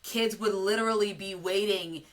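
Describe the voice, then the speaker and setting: A woman's voice: mid-range voice, fairly even intonation, moderate pace, low-quality recording. An American woman co-hosting a podcast in casual chat, eager and full of filler words. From United States. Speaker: podcast co-host.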